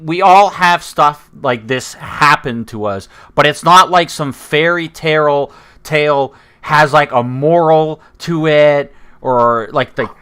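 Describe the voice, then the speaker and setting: A man's voice: on the high side, slow, hardly any pauses, bright, forceful tone, smooth. A man, co-hosting a podcast in casual, rambling, profane chat that often trails off into mumbles. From Canada. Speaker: podcast co-host.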